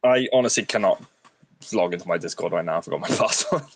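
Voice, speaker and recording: A man chats casually as a guest on a stream, telling blunt, sweary, joking anecdotes. His voice sits a little lower than most men's. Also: fast talker. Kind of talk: casual chat.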